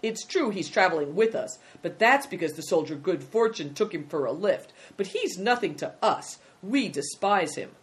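A woman's voice: fairly low pitch, expressive, normal speed, hardly any pauses, natural voice. A woman voicing an earnest, well-mannered young boy in a storybook reading. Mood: firm. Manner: earnest and proper.

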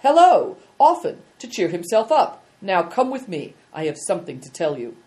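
Brief: quiet, commanding general, voiced by a woman narrator, warm authority, storybook read. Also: mid-range voice, very animated, normal speed, lightly acted. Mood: kindly. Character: older, kindly commanding general. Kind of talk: audiobook reading.

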